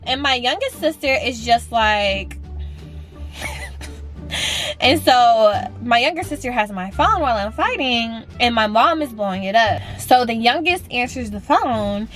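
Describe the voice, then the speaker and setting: A young woman with a fairly high voice tells a story in a loose, casual way. She is blunt and animated, swears without holding back, and jumps up into high voices when she quotes other people. Faint music plays behind her. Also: measured pace. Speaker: vlogger.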